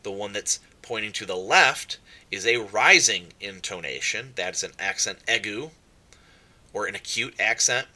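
Bright-voiced man teaching Greek sounds. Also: fairly low pitch, animated, measured pace. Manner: casual, repeats himself, many ums. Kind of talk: explaining at a whiteboard.

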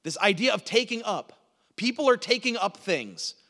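A man preaching a sermon, teaching through a Bible passage with emphatic delivery that swings from loud to hushed. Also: high voice, very animated, moderate pace, long reverb tail.

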